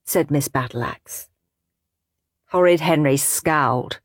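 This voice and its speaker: A woman reading a children's storybook aloud with expressive narration. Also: on the low side, a little slow, dry recording, clean studio sound.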